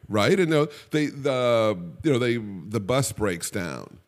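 A man's voice: medium pitch, animated, takes it slowly, few pauses. A middle-aged man co-hosting a podcast in casual chat, rambling and wry, often stopping and restarting mid-thought. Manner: rambling, self-interrupting, wry. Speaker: podcast co-host.

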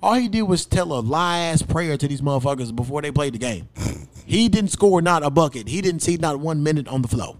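A young man with a slightly high voice tells a story on his podcast. He curses constantly and keeps it animated. He jumps up loud whenever he quotes himself. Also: fairly quick. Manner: profane, animated, acts out quotes loudly. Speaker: podcast host. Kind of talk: casual storytelling chat.

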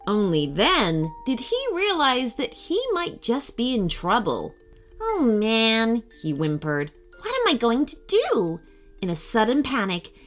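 Woman reading a kids story slow and super expressive, fairly high voice. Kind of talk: children's story narration.

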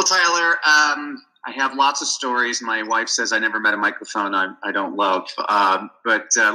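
A man who is a guest on a podcast, telling stories in an animated, enthusiastic way. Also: fairly low pitch, rough recording. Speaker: guest, reading advocate. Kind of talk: storytelling interview talk.

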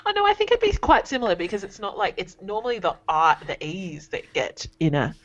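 A woman's voice: medium pitch, big pitch swings, fairly quick, no echo. A young woman, co-hosting a casual podcast chat, giggling and gushing as she repeats phrases playfully. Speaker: podcast co-host. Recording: dull lo-fi dry sound.

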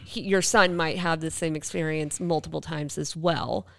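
Woman co-hosting a spooky podcast, clean lowish voice, chatty and explaining. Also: fairly even intonation, normal speed, creaky. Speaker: podcast co-host. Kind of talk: casual chat.

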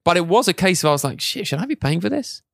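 A man's voice: high voice, very animated, fast, gravelly, no echo, studio quality. A British man, a fashion designer on a podcast, chatting loosely, laughing often and calling people darling. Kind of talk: casual chat.

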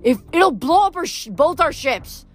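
A woman doing a sharp, high-pitched teenage girl. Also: very animated, normal speed, faint music behind. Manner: sharp, indignant.

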